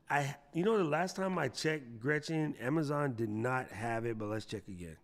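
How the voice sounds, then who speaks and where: A man's voice: medium pitch, animated, normal speed, hardly any pauses. A man hosting a casual live stream, chatting playfully and answering viewers from the chat. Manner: playful, chatty, reads chat aloud, jokey voices. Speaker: livestream host.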